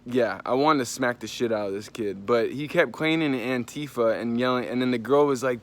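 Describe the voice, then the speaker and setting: Animated man ranting through a story. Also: medium pitch, moderate pace. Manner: animated, profane, jumps into voices when quoting people. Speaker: vlogger. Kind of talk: casual storytelling rant.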